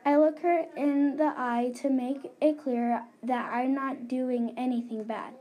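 A woman reading her own short ghost story aloud in a soft, hushed storytelling voice. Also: high voice, fairly even intonation, unhurried.

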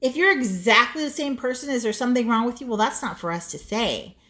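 A woman's voice: fairly high pitch, lively intonation, fairly quick, fairly bright tone. A woman in her forties co-hosting a casual chat podcast, blunt and profane as she tells stories. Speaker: podcast co-host.

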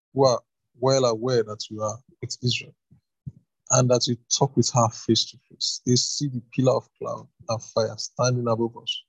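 A man reading Moses' plea to God in an earnest, husky voice. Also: medium pitch, no room sound, poor audio. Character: Moses, an aging leader pleading with God.

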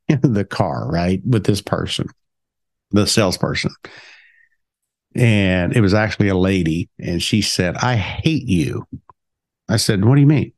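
A middle-aged man co-hosting a casual chat, telling sales stories and acting out both sides of the talk. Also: on the low side. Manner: animated, acts out both sides of his stories. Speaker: podcast co-host.

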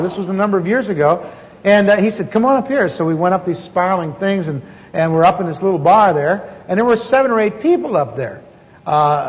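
A man telling a story in a sermon, folksy and self-deprecating, with many asides and restarts. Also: high voice. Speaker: preacher teaching on evangelism. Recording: dull sound with long hall reverb.

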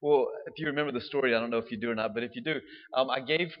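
A man's voice: medium pitch, racing, big-room sound, lo-fi sound. A man, a priest giving a casual homily, chatty and laughing as he tells stories. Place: church.

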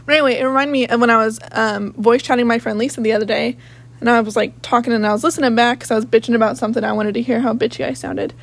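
A young woman with a slightly high voice that has a gravelly, raspy edge, hosting her own podcast. She rambles in casual chat, swears freely, and jumps from one thought to the next. She is recording at home in her office. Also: steady tone, racing. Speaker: podcast host.

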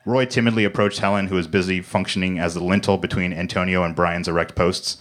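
A man reading comic fiction aloud in a mock-serious deadpan on a comedy club stage. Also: deep voice, fast. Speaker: comedy reader.

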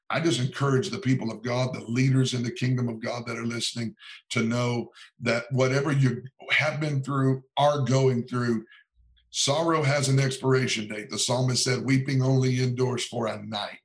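A man's voice: mid-range voice, steady tone, normal speed, rough recording. A man, a pastor and author, talking as a podcast guest in an earnest, sermon-like cadence with frequent repetitions. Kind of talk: preaching-style podcast talk.

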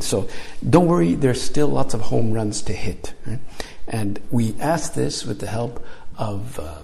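A man's voice: mid-range voice, vocal fry, mellow. A man leading a retreat, preaching in a conversational way with frequent tag questions and filler sounds. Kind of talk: sermon.

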